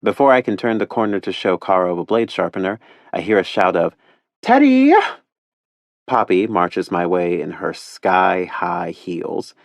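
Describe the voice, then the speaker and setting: A man narrating a first-person audiobook in a wry, playful, expressive way. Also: deep voice, moderate pace, creaky, no echo.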